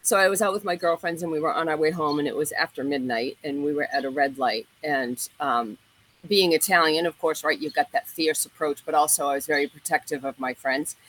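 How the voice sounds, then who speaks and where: A woman co-hosting a talk show, telling a story in a lively, casual way and laughing often. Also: low voice, brisk, low-quality recording. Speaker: co-host.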